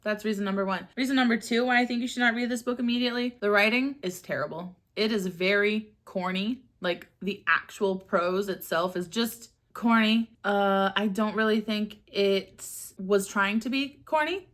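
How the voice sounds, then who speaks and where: A woman's voice: medium pitch, normal speed, hardly any pauses, fairly bright tone. A young woman reviewing books in a casual vlog, sarcastic and exasperated, swearing freely and laughing often. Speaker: book reviewer.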